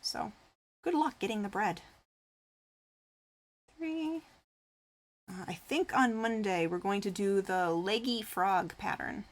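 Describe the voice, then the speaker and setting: A woman's voice: mid-range voice, slow pace, long pauses. A woman streamer chatting casually with her live viewers, rambling and full of fillers, reading comments aloud and answering them. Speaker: craft streamer.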